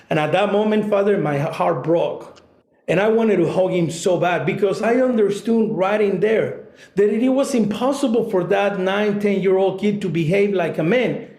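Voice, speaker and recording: High-voiced man telling a story in an echoey room. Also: darkish tone. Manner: conversational, halting with restarts. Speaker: guest. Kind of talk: personal storytelling.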